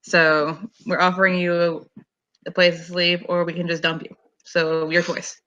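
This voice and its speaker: A woman's voice: fairly low pitch, flat delivery, measured pace, fairly bright tone, lo-fi sound. A woman playing a blunt, teasing young female adventurer in a tabletop game.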